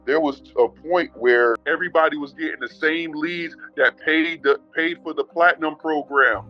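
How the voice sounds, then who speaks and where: A man's voice: a little high, moderate pace, lo-fi sound, soft background music. A man telling his story in an interview, blunt and heated, swearing and calling the host bro. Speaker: interview guest, former student. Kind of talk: emotional interview on a call.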